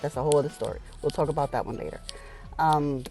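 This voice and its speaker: A woman vlogger candidly retelling an upsetting experience in a casual storytelling vlog. She talks emotionally, swears, and pauses now and then to collect herself. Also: low-pitched, music in the background, poor audio.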